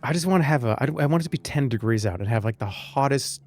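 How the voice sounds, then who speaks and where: A man, chatting casually on a live stream, rambling and joking, now and then breaking into loud animated rants. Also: mid-range voice, quick pace, soft background music.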